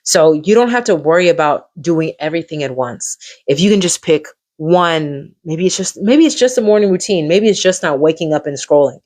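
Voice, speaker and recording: A woman hosting a live coaching stream, encouraging and repetitive, reacting warmly to viewers in the chat. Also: sits low, normal speed, hardly any pauses. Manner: encouraging, repeats phrases, lively reactions to viewers.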